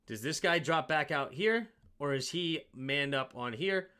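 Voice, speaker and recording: A man's voice: on the high side, a little slow, bright, forceful tone, clean tone. A man hosting a sports show, casually breaking down game film and thinking aloud with self-mocking asides.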